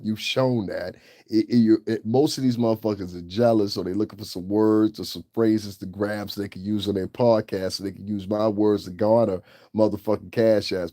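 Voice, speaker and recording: A man's voice: lowish voice, dark tone, no room sound, studio quality. A man hosting his own channel, giving blunt, profane and scornful commentary. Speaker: channel host. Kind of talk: ranting livestream commentary.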